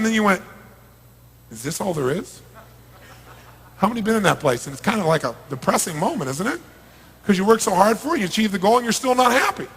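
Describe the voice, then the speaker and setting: A man giving a live motivational seminar talk in a large hall, swinging between booming shouts and hushed asides. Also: very animated, a little fast, long pauses, a little hiss or hum. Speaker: motivational speaker.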